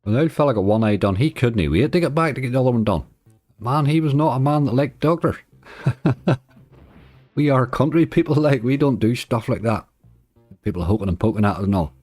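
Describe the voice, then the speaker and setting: A man's voice: medium pitch, expressive, brisk, pauses often, darkish tone, no room sound, faint music behind. A man streaming slots, chatting casually and answering viewers' comments. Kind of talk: casual livestream chat.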